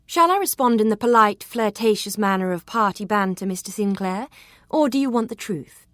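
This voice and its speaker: A woman's voice: mid-range voice, animated, moderate pace, fairly bright tone, dry recording, studio quality, pitched above the performer's own voice, close to an everyday voice. A woman voicing a poised, cool young lady of rank in an audiobook, speaking in an arch and precise way. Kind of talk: audiobook character reading.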